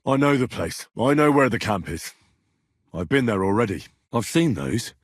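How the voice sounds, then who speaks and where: A man voicing a young medieval commoner hero, blunt and quick to swear when angered, with a husky voice. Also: mid-range voice, expressive, no room sound, clean studio sound, lightly acted. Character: young male medieval blacksmith's son, blunt and hot-tempered. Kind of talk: video game voice lines.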